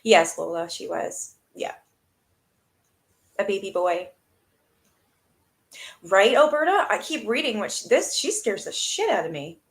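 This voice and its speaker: A woman's voice: medium pitch, expressive, a little slow, creaky, long pauses. A woman hosting a live stream, reading a book aloud and breaking off to react bluntly to her viewers, often swearing. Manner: blunt, swears freely, greets chat viewers. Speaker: host.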